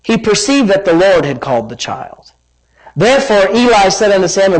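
A man preaching a sermon as pastor, reading scripture with lively emphasis and wandering into personal asides. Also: high-pitched, brisk, low-quality recording. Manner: animated, dramatic scripture reading with rising emphasis; rambling asides and self-corrections.

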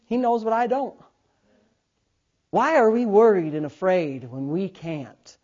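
A man preaching a sermon as pastor, swinging between loud bursts and quiet asides. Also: high-pitched, unhurried. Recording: dull lo-fi sound.

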